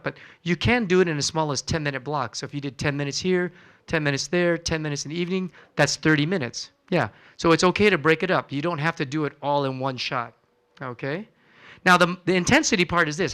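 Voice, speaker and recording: Man doc giving a health talk at a church, chatty, keeps asking the crowd stuff, acts out his patients, voice sits a bit high. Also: fairly bright tone. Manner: conversational, quizzes the audience, acts out patient chats. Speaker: physician presenting a wellness seminar. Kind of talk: health lecture to a live audience. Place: church hall.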